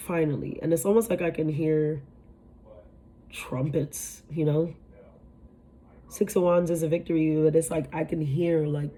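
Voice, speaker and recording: Woman tarot reader, low mellow voice, chatty and rambling, swears freely. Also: breathy edge. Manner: rambling, emphatic, swears casually, many fillers. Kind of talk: casual tarot reading to camera.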